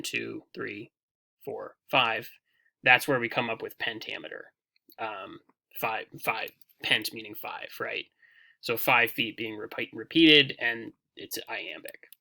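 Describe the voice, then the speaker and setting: A man giving a recorded poetry lecture over slides, explaining in a relaxed way with frequent fillers and restarts. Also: mid-range voice, creaky. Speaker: teacher.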